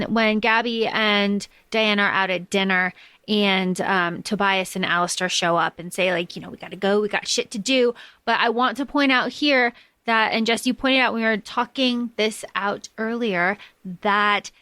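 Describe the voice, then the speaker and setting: A woman's voice: fairly high pitch, measured pace, bright, forceful tone, clean tone, no room sound. A woman co-hosting a book podcast, chatting casually with lots of fillers and the odd swear. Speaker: podcast co-host.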